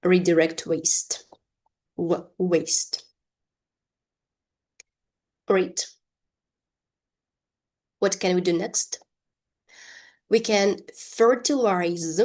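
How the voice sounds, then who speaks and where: A woman teaching an English lesson, with careful, drawn-out pronunciation drills. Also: medium pitch, darkish tone. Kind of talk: language lesson.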